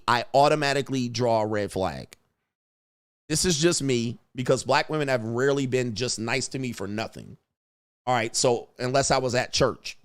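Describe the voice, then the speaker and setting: A man hosting a casual livestream, talking animatedly and swinging between mocking high voices and low mutters. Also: a bit bright, clean tone, dry recording, studio quality. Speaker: host.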